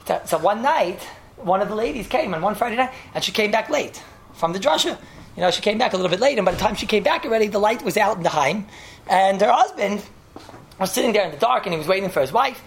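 A man's voice: sits high, expressive, fast, vocal fry, slight background noise. A man teaching a Talmud class, telling the story animatedly and repeating himself, with Yiddish and Hebrew terms mixed in. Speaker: Torah teacher.

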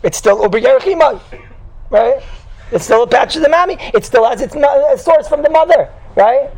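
A man's voice: very high-pitched, animated, a little fast, a little mellow, low-quality recording. A man teaching a Torah class to a live group in a teasing, conversational way, telling stories and constantly checking in with "right?". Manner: tells stories, mixes in Hebrew and Yiddish terms.

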